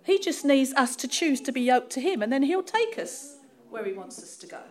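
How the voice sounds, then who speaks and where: A woman with a Cockney accent gives a relaxed, conversational sermon. Her voice sits high and swings widely in pitch, and she laughs often and pokes fun at herself between points. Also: normal speed. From East End of London. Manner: lively, laughing, self-deprecating storytelling. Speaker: preacher. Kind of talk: informal sermon.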